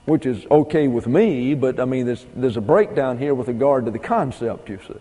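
A man's voice: medium pitch, animated, normal speed, dark tone. Folksy male Bible teacher in a hall. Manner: folksy, digressive, spells out words. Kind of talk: classroom Bible lecture. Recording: hall with long reverb.

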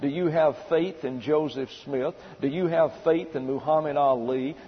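Point by point, this preacher works through a Bible sermon, outlining numbered subpoints and pressing emphatic rhetorical questions. His fairly high voice is steady, at normal speed, with a breathy edge, and the recording sounds muffled under long hall reverb.

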